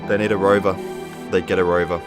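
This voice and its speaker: A young man giving profane, shouting commentary on his own football video game career. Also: sits low, little pitch movement, fast. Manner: swears a lot, shouts in frustration. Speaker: gaming YouTuber. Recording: game music behind.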